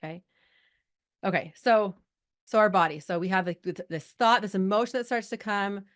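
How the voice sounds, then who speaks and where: A woman's voice: mid-range voice, normal speed. Chatty woman coaching a live call. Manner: chatty, lively, talks to the chat audience. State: emotional, holding back tears. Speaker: life coach hosting a live group call. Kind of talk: casual coaching talk.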